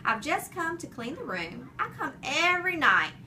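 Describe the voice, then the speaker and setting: A woman playing a booming, jolly janitor. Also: big pitch swings, moderate pace, pushed and bright, distant mic, slight background noise, exaggerated voice. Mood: booming jokey. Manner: booming, jokey, big roaring laugh. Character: jolly mustached male night janitor.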